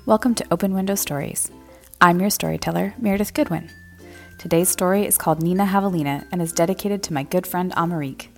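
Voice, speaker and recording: A woman narrating a children's story podcast gently, speaking to young listeners. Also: on the low side, fast talker, vocal fry, faint music behind.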